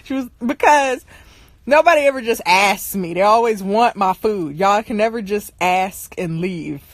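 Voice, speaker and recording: A young woman on a livestream rants casually and with exasperation as she tells stories to viewers, often laughing along the way. Her voice is medium-pitched, animated and a little slow, recorded dry.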